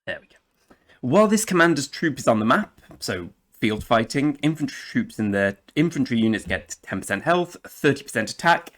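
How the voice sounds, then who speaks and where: A man's voice: medium pitch, big pitch swings, moderate pace, fairly bright tone. An English man hosting a game commentary video, chatty and jokey, now and then slipping into playful put-on accents. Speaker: gaming channel host.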